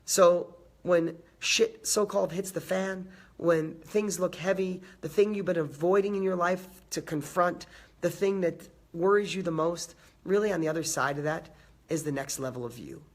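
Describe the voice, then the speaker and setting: Raspy man giving an emphatic motivational talk. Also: sits high, moderate pace. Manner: emphatic, repeating phrases and building lists; chats with live viewers, greeting them by name. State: slightly hoarse from a cold. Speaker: motivational host. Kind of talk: live-streamed motivational talk.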